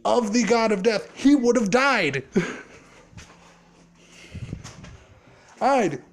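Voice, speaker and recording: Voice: medium pitch, expressive, extremely slow. Laughing, rambling, foul-mouthed storyteller. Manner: rambling, heavy swearing, frequent laughter and filler words. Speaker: fan storyteller. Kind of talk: casual storytelling of a fan scenario.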